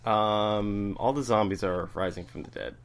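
A man's voice: lowish voice, fairly even intonation, unhurried. A man co-hosting a casual podcast about comics, talking animatedly, laughing often and acting out lines from the story. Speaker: podcast co-host. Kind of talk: casual comic book discussion.

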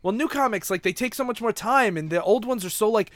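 A man's voice: sits high, expressive, fast, a bit bright, dry recording. A man co-hosting a podcast, chatting casually about old comics with lots of filler words. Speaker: podcast co-host.

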